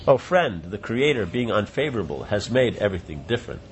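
A man reading the lines of a lovesick young woman, exclaiming and lamenting in his own lowish voice. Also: big pitch swings, a little fast, lo-fi sound, slight background noise.

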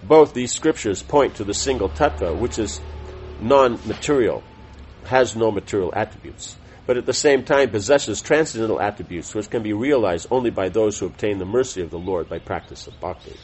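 Low-voiced man reading a lesson. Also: lively intonation, a little mellow, slight background noise, poor audio. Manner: measured, deliberate reading with small self-corrections. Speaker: teacher of a scripture class. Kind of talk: reading a text aloud with spoken asides.

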